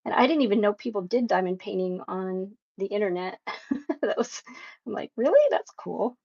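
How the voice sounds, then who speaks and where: A woman's voice: medium pitch, moderate pace, dull audio. A middle-aged woman hosting a live painting stream, chatting casually with viewers, reading their messages aloud and laughing often. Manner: warm, emotional, laughs often, reads chat aloud. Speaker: livestream painting host.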